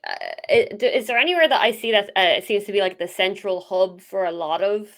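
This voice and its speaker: A woman's voice: medium pitch, fairly quick, a bit bright. A woman playing a tabletop game who thinks aloud about her moves and giggles often. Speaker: player.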